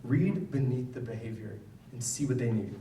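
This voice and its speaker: Recorded from a distance in a roomy school event hall with faint ambience and a little hiss or hum, a man speaks at normal speed in a mellow, medium-pitched voice. He is a psychologist giving parents a conversational public lecture with personal stories, often checking in with "right?".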